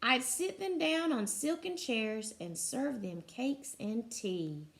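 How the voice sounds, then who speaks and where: A woman's voice: on the high side, animated, slow pace. A woman reading as a lonely female spider. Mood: wistful. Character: lonely gentle female spider hoping for friends.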